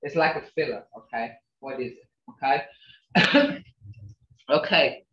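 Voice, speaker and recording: Older lady teaching a class over zoom, super slow and patient, echoey muffled audio. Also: extremely low pitch, a bit bright, distant mic. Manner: patient, drawn-out coaching with frequent "okay?". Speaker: language teacher. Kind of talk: online language class. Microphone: video call.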